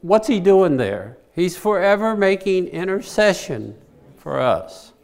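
A man's voice: sits high, sing-song, takes it slowly, gravelly, a little mellow. A man preaching a sermon, who repeats his key phrases and puts questions to the congregation. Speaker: pastor.

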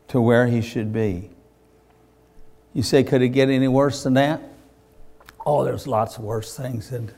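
A man preaching a sermon with fervent, building delivery and loud bursts on quoted lines. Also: mid-range voice. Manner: fervent, rising to shouts on acted quotes.

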